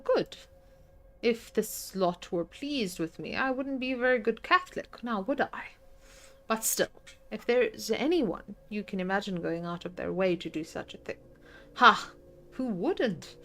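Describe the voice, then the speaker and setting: Woman doing a prim churchy old housekeeper, indignant, soft music behind. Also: mid-range voice. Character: pious sharp-tongued older housekeeper woman.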